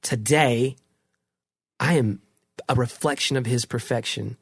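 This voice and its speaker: A man's voice: mid-range voice, unhurried, gravelly, husky, dry recording, clean studio sound. A middle-aged man in a casual conversation about faith, earnest and reflective, often restarting his sentences.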